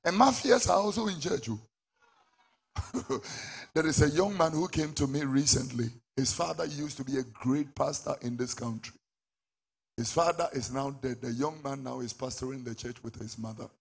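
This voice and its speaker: A middle-aged man with a Ghanaian English accent, preaching a sermon as a prophet, with sudden shouted peaks. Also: medium pitch, moderate pace, gravelly, husky.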